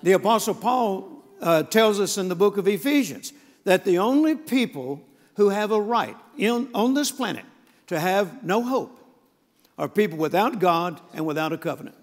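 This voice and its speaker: An older male pastor delivers a sermon in a high, ringing voice that carries through a long church reverb. His delivery is folksy and emphatic, and he keeps turning to the congregation for a response. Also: lively intonation, moderate pace. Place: church sanctuary.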